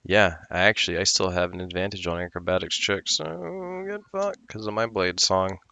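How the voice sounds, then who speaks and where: A man's voice: low-pitched, level tone, brisk, bright, forceful tone, no echo. A young man playing in a tabletop game over voice chat, joking and swearing casually. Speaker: player.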